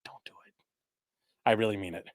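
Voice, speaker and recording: A man's voice: on the low side, steady tone, fairly quick, no echo, studio quality. A man hosting a casual livestream, chatting loosely and reading viewer comments aloud. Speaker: livestream host reading chat.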